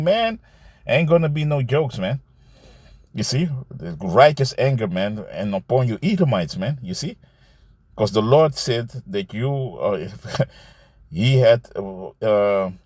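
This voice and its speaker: A man's voice: mid-range voice, darkish tone, dry recording. Man preaching loosely, dry close sound. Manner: loose and conversational, repeating "man" and "you see"; reads verses aloud slowly, then comments. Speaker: scripture teacher. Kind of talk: informal scripture teaching.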